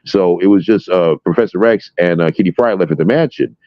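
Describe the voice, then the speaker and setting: Deep-voiced man, dull dry sound. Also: fairly quick, no echo. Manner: storytelling, excitable, lots of fillers and swearing. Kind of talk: casual chat.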